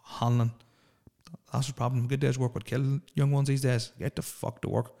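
A man's voice: medium pitch, little pitch movement, normal speed, vocal fry, warm tone. A man, hosting a solo podcast and ranting in a profane, opinionated, rambling way. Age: 30s. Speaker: podcast host.

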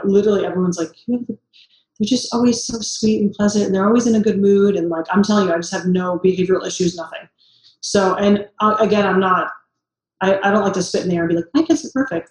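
A woman's voice: lowish voice, a little mellow, echoey room, poor audio. A woman, a mother, talking casually in an interview, full of "like" fillers and acting out what others say to her. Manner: chatty, many "like" fillers, acts out quoted voices. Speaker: guest, mother.

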